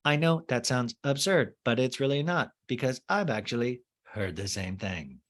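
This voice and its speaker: A man's voice: mid-range voice, lively intonation, normal speed, fairly bright tone, lightly acted. A man voicing a chirpy, sweet hostess housewife with a sing-song, gossipy way of talking.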